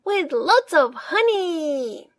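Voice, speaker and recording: A woman voicing an excited, bossy little girl piglet in a storybook reading. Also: very high-pitched, drawn-out words, voice pushed up, heavily acted. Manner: bright, excited and squealy.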